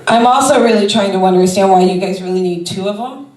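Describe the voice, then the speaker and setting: A woman performs stand-up at mid pitch, wandering loosely from thought to thought with plenty of ums and uhs. Her voice carries a roomy club echo and sounds set back from the microphone. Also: fast talker, darkish tone, distant mic. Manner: rambling, conversational, with many fillers. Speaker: stand-up comedian. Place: comedy club stage before a crowd.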